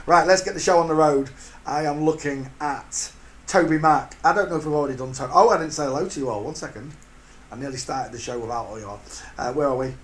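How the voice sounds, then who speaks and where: An older man hosting a casual livestream, greeting viewers by name and sending blessings, with jokey asides. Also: quick pace. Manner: jokey, drops into sudden high silly voices. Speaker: livestream host. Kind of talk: casual live-stream chat. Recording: echoey room with faint hiss.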